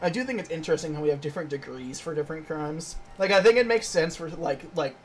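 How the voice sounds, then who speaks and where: A man's voice: fast talker, faint music behind. A man streaming a video game, chatting and joking playfully with friends. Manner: playful, laughs often, animated pitch. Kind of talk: casual joking chat.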